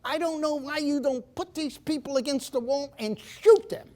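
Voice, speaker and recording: A man's voice: very high voice, normal speed, mellow, voice pushed up. A man voicing a fanatical old Austrian economist with a thick Austrian German accent, scolding his listeners vehemently. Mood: scornful rant.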